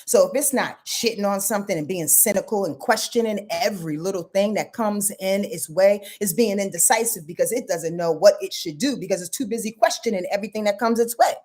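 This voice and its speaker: A woman's voice: mid-range voice, fairly quick, hardly any pauses. A woman astrologer hosting a casual live stream, chatty and goofy, talking straight to her viewers and laughing at her own slips. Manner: animated, chatty, addresses viewers as y'all.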